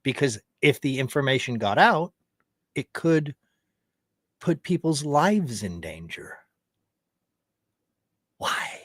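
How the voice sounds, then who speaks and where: A man's voice: mid-range voice, big pitch swings, slow pace, pauses often, fairly bright tone, no room sound, studio quality. A man streaming a heated, profane commentary, mocking the person he talks about. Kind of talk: ranting commentary.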